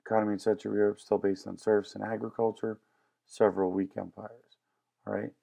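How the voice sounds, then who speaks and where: A man's voice: fairly low pitch, flat delivery, a little fast, creaky, dark tone. A man teaching a history lesson in a casual, joking lecture style. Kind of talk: classroom lecture.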